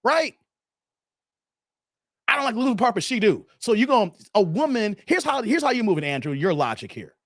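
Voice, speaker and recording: A man in his thirties hosting a live stream, ranting bluntly and profanely, repeating himself and swinging between loud high bursts and low mutters. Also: big pitch swings, brisk, vocal fry, pauses often, dry recording, clean studio sound. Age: 30s. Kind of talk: ranting commentary to a live chat.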